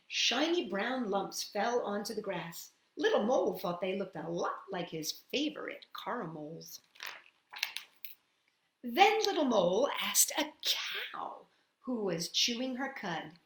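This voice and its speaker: A woman storyteller reading a children's picture book aloud, expressive and full of sound effects. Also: mid-range voice, slow pace. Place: at home. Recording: echoey room.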